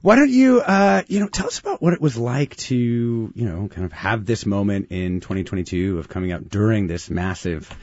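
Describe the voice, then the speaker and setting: A man hosting a live radio interview, chatty and lively, with many fillers. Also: on the low side, moderate pace, few pauses, no room sound. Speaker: radio show host. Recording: dry, slightly muffled radio studio audio.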